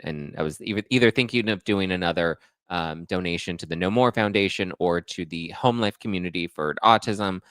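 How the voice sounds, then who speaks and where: A man hosting his own podcast, talking in a halting, emotional way with many fillers and pauses. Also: deep voice, a bit bright, no echo. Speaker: podcast host. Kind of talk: emotional casual monologue.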